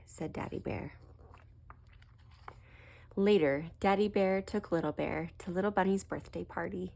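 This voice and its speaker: Husky, low-voiced woman reading a storybook. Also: normal speed. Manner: gentle, lifts pitch for quoted lines. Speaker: storybook reader. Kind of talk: children's story read-aloud.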